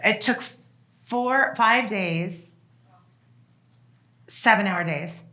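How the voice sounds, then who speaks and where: A middle-aged woman tells family stories casually to a listening room. Her voice is bright and clear, and she laughs often and restarts her sentences. Her tone stays chatty and relaxed throughout. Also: medium pitch, extremely slow. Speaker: author and guest speaker. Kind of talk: casual storytelling to an audience.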